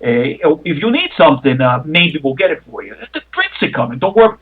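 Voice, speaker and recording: Man voicing a bar bruiser, surly, swearing, husky, phone-line sound. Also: fairly high pitch, huge pitch swings, a little fast, exaggerated voice. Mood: gruff. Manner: gruff, swearing, pushy.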